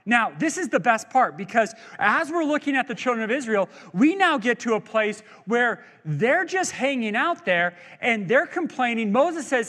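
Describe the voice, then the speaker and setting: A male pastor preaching in a chatty, joking way, his high voice leaping up and down with energy. He asks the crowd questions. A long church-hall reverb trails after each phrase. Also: very animated, moderate pace, few pauses, bright, forceful tone. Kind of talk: sermon. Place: church sanctuary.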